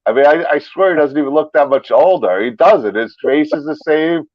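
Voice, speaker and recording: A man's voice: fairly high pitch, moderate pace, no echo. Easygoing male host, dry muffled sound. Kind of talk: casual podcast chat.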